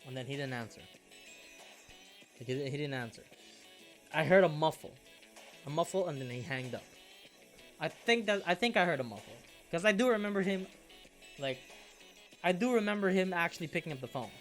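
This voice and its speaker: A man's voice: a little high, lively intonation, brisk, pauses often, soft background music. A young man casually telling a story, swearing a lot and restarting his sentences. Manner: swearing freely, rambling with restarts.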